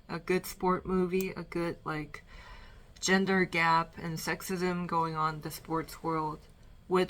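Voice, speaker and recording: A young woman talks through her movie picks in an easy, rambling way from her bedroom, with a slightly low voice and an unhurried pace. She sounds a little out of breath, pausing between thoughts and trailing off into fillers. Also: fairly bright tone. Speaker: vlogger. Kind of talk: casual movie-ranking chat.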